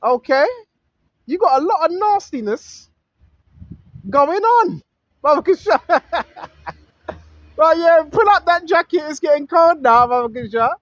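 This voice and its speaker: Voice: sits high, animated, measured pace, long pauses, a bit bright, no echo, dull audio. A vlogger, talking outdoors on a street into a handheld phone. The talk is a repetitive, preachy monologue that quotes scripture and keeps asking "right?".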